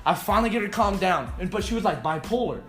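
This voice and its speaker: Young guy guest, high voice, lively swearing storyteller, roomy sound. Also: fast talker, soft background music. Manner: animated, swearing, acting out quotes. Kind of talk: casual storytelling.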